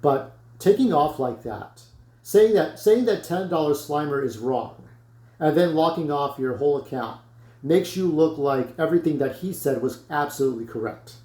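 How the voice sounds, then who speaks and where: A man's voice: fairly high pitch, lively intonation, moderate pace, dark tone, reverberant. A man ranting casually to camera in a blunt, rambling way, swearing freely. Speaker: YouTuber vlogging to camera.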